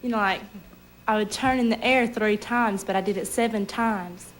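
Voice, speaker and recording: A woman's voice: mid-range voice, normal speed, slight background noise. A young woman contestant on a game show, polite and eager, explaining simply.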